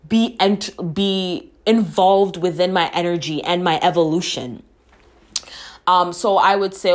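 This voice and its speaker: A woman's voice: lowish voice, measured pace. A woman hosting a podcast, giving an earnest, encouraging monologue with candid talk and frequent swearing. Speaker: podcast host. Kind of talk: casual reflective monologue.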